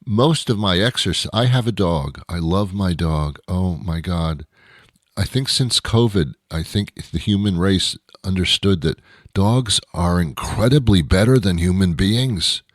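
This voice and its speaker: A male host giving a wry, rambling comedic monologue with dramatic pauses. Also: low-pitched, no room sound, studio quality.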